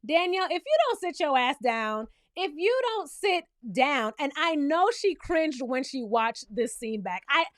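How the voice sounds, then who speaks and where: A woman recapping and reviewing a reality TV episode in a sassy, animated way, talking straight to the viewer. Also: sits high, measured pace, few pauses, no echo, clean studio sound.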